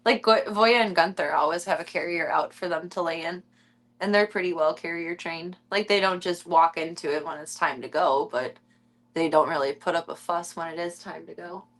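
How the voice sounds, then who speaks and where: A woman's voice: fairly low pitch, normal speed, fairly bright tone. A young woman streamer chatting casually and cooing in baby talk at her kittens, often giggling. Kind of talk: casual chat with her cats.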